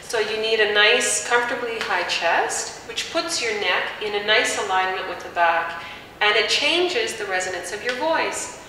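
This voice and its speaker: A woman singing teacher calmly explaining vocal technique in plain words, with fillers. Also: medium pitch, moderate pace. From Canada. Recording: echoey room, mic at a distance, faint hiss.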